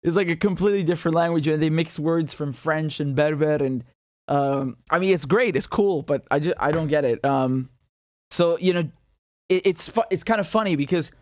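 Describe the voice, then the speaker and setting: A man's voice: fairly high pitch, moderate pace, dry recording, studio quality. A man in a casual, rambling explainer who walks through a map with many fillers and self-corrections and chuckles now and then. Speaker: political commentator.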